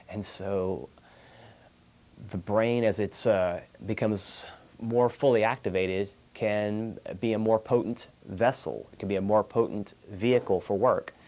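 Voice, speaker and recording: A man's voice: fairly low pitch, a little mellow. A man with a Texan accent hosting a call-in show, talking about spirituality in a meandering way with many fillers and restarts. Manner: clears throat often. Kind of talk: unscripted spiritual talk.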